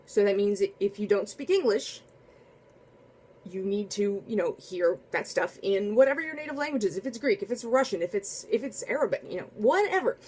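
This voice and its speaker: A woman telling a casual spoken anecdote in a chatty, animated way, full of asides and restarts. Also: mid-range voice, fairly quick, breathy edge. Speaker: storyteller.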